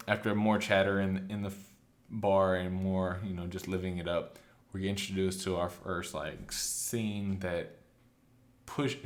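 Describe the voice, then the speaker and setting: A man casually recapping a story, chatty and loose, slipping into quick quoted lines. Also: low-pitched. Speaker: anime recap host.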